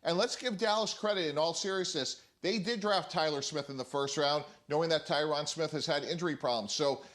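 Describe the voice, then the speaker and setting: A man speaking as a football analyst on a TV panel, confident and measured in his views. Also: a little high, a bit bright. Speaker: sports analyst. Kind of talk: television sports panel talk.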